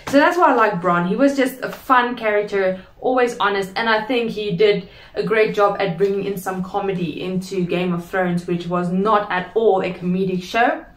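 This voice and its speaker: A woman's voice: medium pitch, normal speed, few pauses. Woman, host, playful chatter, roomy echo. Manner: playful, chatty, often adds "okay?". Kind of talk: casual chat. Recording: echoey room.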